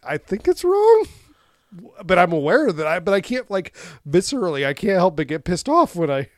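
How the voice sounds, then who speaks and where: A man in his thirties co-hosting a podcast in casual chat, animated and swearing, laughing often. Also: sits high, moderate pace, dry recording, studio quality. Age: 30s. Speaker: podcast co-host.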